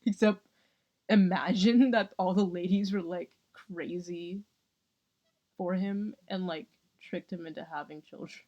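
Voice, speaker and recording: Squeaky, slangy woman ranting with echo. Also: steady tone, a little slow, highs cut off. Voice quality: squeaky, nasal. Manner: loud, joking, profane, slangy rants. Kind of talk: casual chat. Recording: echo added on purpose.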